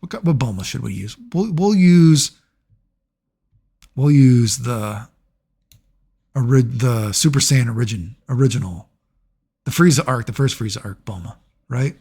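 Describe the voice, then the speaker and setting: A man's voice: medium pitch, lively intonation, measured pace, long pauses, a little mellow, breathy edge. A man speaking as a gaming YouTuber in casual commentary, rambling and sarcastic, swearing freely.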